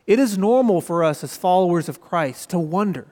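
High-voiced man preaching in a reverberant hall. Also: lively intonation, moderate pace, few pauses, a little mellow. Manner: conversational storytelling with acted-out quotes. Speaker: pastor. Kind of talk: sermon. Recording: long reverb of a large hall.

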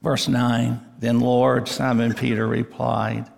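A male pastor preaching an expository sermon, emphatic and deliberate, rising in pitch on key words. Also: vocal fry. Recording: long reverb of a church hall.

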